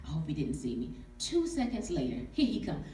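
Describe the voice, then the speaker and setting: Lively woman telling her story. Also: low-pitched, a little fast, a little hiss or hum. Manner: candid, humorous, testifying, calls for audience response. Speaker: author and speaker. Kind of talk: storytelling talk to an audience. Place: event hall with a live audience. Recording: echoey hall, distant mic, audience.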